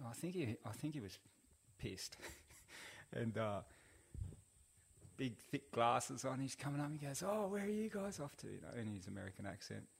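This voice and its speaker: A middle-aged man with a fairly low voice tells a story on a podcast. He rambles in a laid-back way, with plenty of ums and restarts. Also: creaky. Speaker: podcast guest. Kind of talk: casual storytelling.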